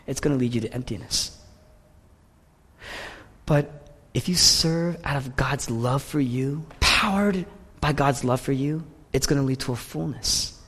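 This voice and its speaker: A man preaching a sermon with passion, rising to loud cries and dropping to hushed whispers. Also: medium pitch, unhurried, pauses often, husky, long reverb tail. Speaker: pastor.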